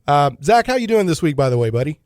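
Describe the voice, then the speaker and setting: A man's voice: on the high side, big pitch swings, darkish tone. Upbeat punning male radio host. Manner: jokey, punning, quick to laugh. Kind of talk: casual radio chat.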